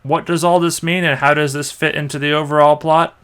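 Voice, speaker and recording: A man's voice: on the high side, flat delivery, a little fast, fairly bright tone, clear, resonant tone. A young man reading a scripted anime movie review as a voice-over, with dry, sarcastic criticism.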